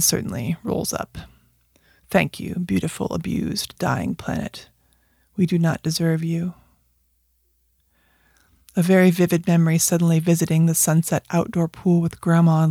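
An adult from Colorado reading personal journal entries aloud in a quiet, measured way, at times dropping into a whisper. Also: medium pitch, no room sound. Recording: dry close mic with faint music.

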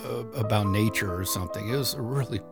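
A man casually recounts a story from his work presenting webinars, chatty and loose, with plenty of "uh" and "like" and little laughs along the way. Music plays clearly beneath his voice. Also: on the low side, brisk. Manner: chatty, with fillers and chuckles. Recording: voice over clear background music.

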